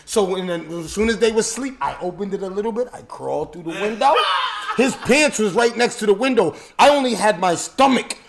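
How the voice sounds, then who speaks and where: High gravelly man telling loud stories. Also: a little fast, a little hiss or hum. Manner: loud, laughing, animated storytelling. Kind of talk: casual storytelling chat.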